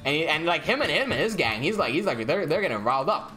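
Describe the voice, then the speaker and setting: A man's voice: fairly high pitch, sing-song, fast, bright, forceful tone, faint music behind. A young man telling a long personal story while streaming a game, swearing often and acting out the quotes.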